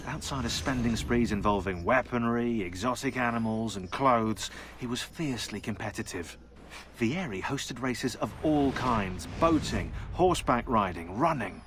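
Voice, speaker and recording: An actor voicing a sardonic game database narrator. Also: male voice, mid-range voice, fairly bright tone, a little hiss or hum, lightly acted. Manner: dry, sardonic.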